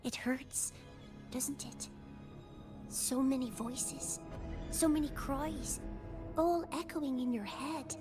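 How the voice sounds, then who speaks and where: An unsettling high-voiced game child, slow delivery, light score underneath. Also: female voice, music in the background. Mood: eerie. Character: eerie childlike girl with an old soul.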